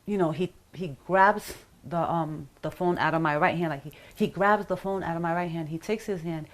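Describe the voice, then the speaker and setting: With a lowish voice and moderate pace, a middle-aged woman being interviewed rambles through her personal experience. Fillers like "like" and "you know" are everywhere, and she acts out the quotes.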